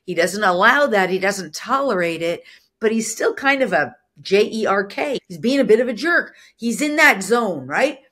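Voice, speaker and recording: A woman teaching in a solo podcast, earnest and explanatory, with a husky voice that is soft yet firm, now and then acting out short quoted lines. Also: mid-range voice, animated, normal speed. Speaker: spiritual business coach.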